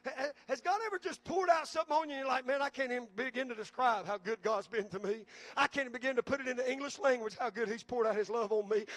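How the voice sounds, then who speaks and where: A man preaching a sermon as pastor, calling out to the congregation and building to shouts. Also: extremely high pitch, fast, few pauses, no room sound.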